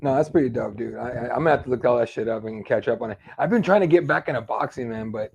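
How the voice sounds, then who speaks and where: A man's voice: medium pitch, quick pace, vocal fry, a little mellow, a little hiss or hum. A man co-hosting a casual podcast chat, laid-back and slangy, swearing casually. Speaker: podcast co-host.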